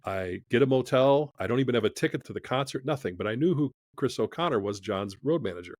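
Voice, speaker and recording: A man's voice: medium pitch, animated, fast talker, no room sound. A man who is a podcast guest, telling a story in conversation from his studio, acting out the dialogue as he goes.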